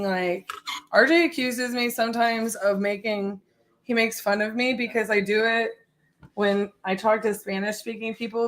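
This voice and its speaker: A woman's voice: medium pitch, a bit bright. Chatty woman, midwest and southern accent mixed, rambly friendly livestream host. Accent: mix of Midwestern and Southern US. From Northwest Ohio, raised in Texas from age eleven. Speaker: real estate wholesaler and livestream host. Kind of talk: livestream chat and sales phone call.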